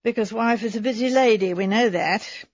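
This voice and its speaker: A stout, florid middle-aged man, as a woman narrator puts him on, bluff and wheedling with a forced heartiness. Her slightly husky voice sits on a dry, dull, lo-fi recording. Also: a little high, moderate pace, no room sound, lightly acted. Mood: pushy.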